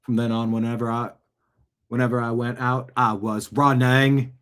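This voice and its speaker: A man doing an impression of a slow, simple-hearted southern man from a film, with a slow drawling cadence. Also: mid-range voice, flat delivery, fairly bright tone, clean tone, natural voice. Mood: wistful.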